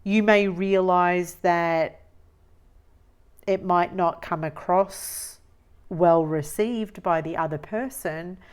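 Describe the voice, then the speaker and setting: Slow, musing woman reading tarot. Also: fairly low pitch, fairly even intonation, clean tone. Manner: slow, musing, repeats phrases while reading cards. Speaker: tarot reader.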